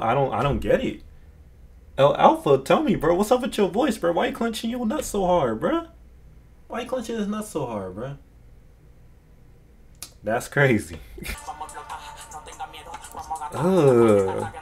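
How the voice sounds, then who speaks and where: A man giving casual, excitable, slang-filled reaction commentary to a music video, often laughing. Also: fairly high pitch, normal speed, breathy edge. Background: music track playing.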